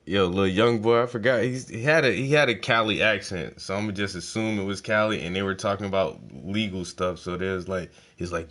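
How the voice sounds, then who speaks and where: Low-voiced man telling profane stories. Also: a little fast, hardly any pauses, fairly bright tone. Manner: profane, laid-back storytelling. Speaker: painting vlogger. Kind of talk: casual rambling chat.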